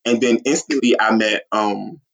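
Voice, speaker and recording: A man telling a long, excited story in casual chat, acting out quotes and laughing often. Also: moderate pace, creaky. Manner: excitable, acts out quotes with big pitch jumps. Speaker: guest, superfan.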